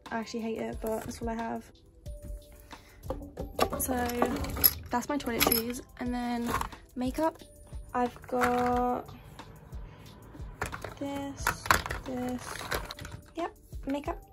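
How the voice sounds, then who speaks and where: A young woman chats through a tour of her student bedroom, rattling off one item after another in a rather flat, even tone. Her voice sits a little high for a woman. Music plays clearly under her talk. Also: takes it slowly, pauses often. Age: young adult. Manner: chatty, listing items as she goes. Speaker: vlogger giving a room tour. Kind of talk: casual room-tour narration. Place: student bedroom in university housing.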